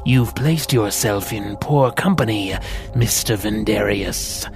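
A man voicing a menacing male demon assassin in an audiobook, deep and evil-sounding. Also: over music. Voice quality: deep, slow and gravelly. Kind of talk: audiobook character voice.

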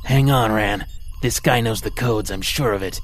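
A man voicing a wounded young male fighter with a labored baritone voice and dry humour. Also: moderate pace, lightly acted. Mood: weary.

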